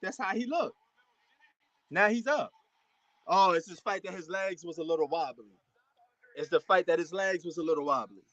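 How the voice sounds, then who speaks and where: Excitable high-voiced man reacting to a fight. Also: moderate pace, long pauses, lo-fi sound. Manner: excitable, repeats himself, slangy. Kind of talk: casual live reaction commentary.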